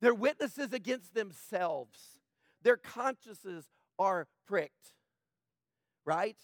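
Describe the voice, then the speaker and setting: A man preaching a sermon, animated, with stammered restarts and sudden drops to a low, quiet delivery. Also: drawn-out words, dry recording, clean studio sound. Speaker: pastor.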